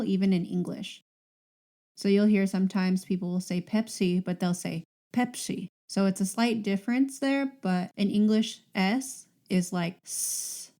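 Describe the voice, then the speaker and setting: A woman's voice: mid-range voice, warm tone. A woman hosting a podcast language lesson, patiently modelling sounds and words for listeners to repeat.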